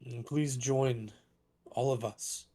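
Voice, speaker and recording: A man's voice: mid-range voice, steady tone, mellow. A man doing a solemn dragonborn councillor. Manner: slow, grave public address. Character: male dragonborn councillor addressing a city, solemn.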